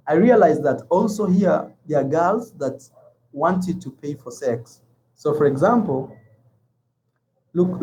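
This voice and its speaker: On a low-quality recording with a little hiss or hum, a Kenyan man with a Kenyan accent talks to his viewers as a travel vlogger. His voice is fairly high and warm, and he's chatty, repeating words and addressing viewers as "man."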